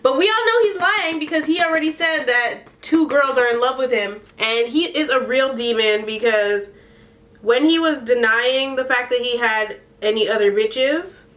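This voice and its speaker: A young adult woman hosting a casual comedic recap, sassy and animated, laughing often between lines. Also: high-pitched. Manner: laughs often, sassy and animated, does quick mock voices. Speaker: podcast host recapping a reality show.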